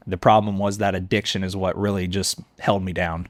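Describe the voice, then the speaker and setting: A man in his thirties with a low-pitched voice tells his story as an interview guest, earnest and candid. His voice is set close and dry, with no room sound. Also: level tone, no echo. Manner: earnest, candid, quick to laugh. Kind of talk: conversational storytelling. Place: on-site in a coffee shop.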